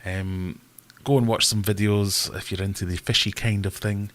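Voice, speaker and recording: A man with a somewhat low voice hosts a relaxed live stream. He chats loosely, greets viewers by name and makes fun of himself. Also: moderate pace. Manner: self-deprecating, chatty, greets viewers by name. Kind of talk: casual live-stream chat.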